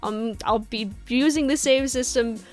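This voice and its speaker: A woman's voice: on the high side, unhurried, faint music behind. A young woman giving rambling, chatty commentary while playing a game. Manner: chatty, rambling, many fillers. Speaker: game streamer. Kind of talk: let's play commentary.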